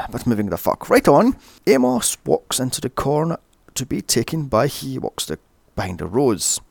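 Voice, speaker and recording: A man's voice: mid-range voice, gravelly, dry recording. A man narrating a sarcastic, sweary film recap in a mocking, exasperated manner.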